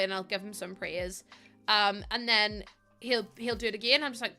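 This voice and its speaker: Bright, chatty young woman streamer. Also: on the high side, normal speed, faint music behind. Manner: rambling and chatty, with many fillers, swearing freely. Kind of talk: casual chat while playing a building game.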